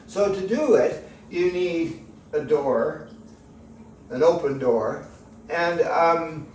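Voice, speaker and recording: A man leading an exercise demonstration at home, in a chatty, folksy way with jokey asides to himself. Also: fairly high pitch. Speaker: fitness instructor. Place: at home in a bedroom and by a doorway. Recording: echoey room, distant mic, faint hiss.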